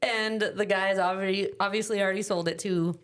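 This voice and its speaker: A woman's voice: mid-range voice, steady tone, a bit bright, clear, resonant tone. Chatty woman summarizing a book. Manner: chatty, many "like" fillers, quick bursts. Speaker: book podcast host. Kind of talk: casual book summary chat.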